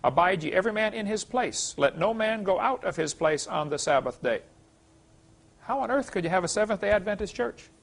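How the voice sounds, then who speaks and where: A middle-aged man gives a classroom lecture with a gravelly edge to his voice. He talks in a folksy, emphatic way and reads scripture passages aloud. His voice sits a little higher than most men's. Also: lively intonation, fairly quick. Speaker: creation science teacher.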